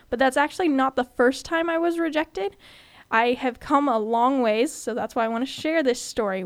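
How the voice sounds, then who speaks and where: Chatty young woman, smooth clear voice. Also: a little high, no echo. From California. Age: 20s. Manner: chatty, candid, animated when retelling. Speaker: student podcast host. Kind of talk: personal storytelling podcast.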